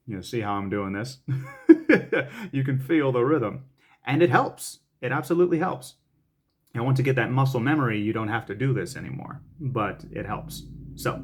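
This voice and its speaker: A man's voice: medium pitch, animated, unhurried. Playful man coaching tongue twisters. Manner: playful, laughs often, recites lines with rising energy. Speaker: voice actor teaching tongue twisters. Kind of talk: casual on-camera lesson.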